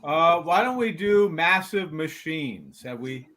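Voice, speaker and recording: Bright, teasing older-sounding man. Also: fairly high pitch, animated, slow pace. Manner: teasing, laughs easily. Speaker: panelist. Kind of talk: casual panel banter.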